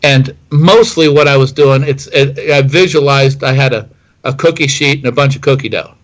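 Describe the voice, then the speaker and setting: A man's voice: mid-range voice, moderate pace, rough recording. A middle-aged man, a distiller telling a long story in an interview, rambling with many fillers and restarts. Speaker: whiskey distiller guest.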